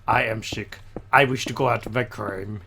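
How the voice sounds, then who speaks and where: A brooding male superhero with a deep, gravelly growl, put on by a man. He speaks slowly and solemnly in a deliberately hammy way, keeping every line low. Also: fairly even intonation, pushed and bright, slight background noise. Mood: mock-solemn.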